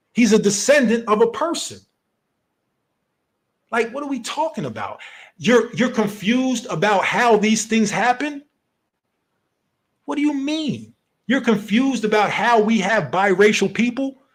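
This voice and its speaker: A man giving heated, profane commentary, firing off rhetorical questions. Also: high-pitched.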